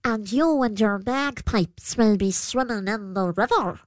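A woman's voice: mid-range voice, unhurried, dry recording, clean studio sound, close to an everyday voice. A woman voicing a menacing male horned fairy creature in a spoken storybook, snarling and commanding.

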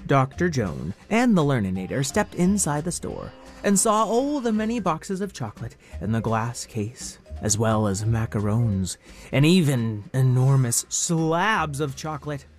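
A man narrating a children's story in a playful, animated way. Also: medium pitch, a little slow, faint music behind.

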